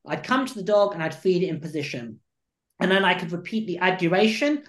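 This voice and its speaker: A man, a dog trainer and coach, explaining his training methods at length in an animated interview. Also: sits high, fast. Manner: animated, acts out what the dog thinks. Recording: roomy echo.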